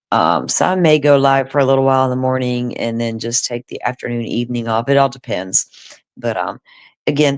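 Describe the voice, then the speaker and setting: A woman's voice: rumbling low, smooth, dry recording. A woman co-hosting a true crime livestream, chatting casually and rambling with many fillers.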